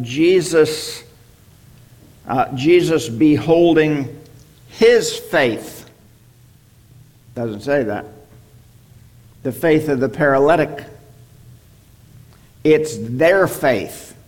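A man's voice: on the high side, a little mellow. A man teaching a Bible study, explaining a passage verse by verse and often checking in with "okay?". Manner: slow, deliberate, checks in with "okay?".

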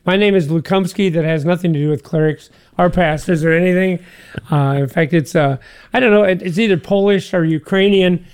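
A man's voice: high-pitched, fairly quick, a little mellow, smooth. A man co-hosting a casual religious talk show, chatting in a folksy, joking way and laughing easily. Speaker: podcast co-host. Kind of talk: casual chat.

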